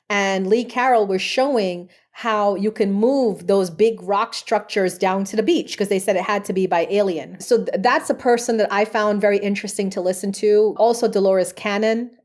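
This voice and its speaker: A woman guest on a podcast interview, a past life regression therapist talking earnestly in a casual, storytelling way. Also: mid-range voice.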